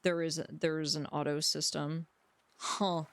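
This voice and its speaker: A woman's voice: low-pitched, level tone, a little slow, dry recording. A woman livestreamer in casual chat, rambling and joking as she talks to her viewers from home. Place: home room.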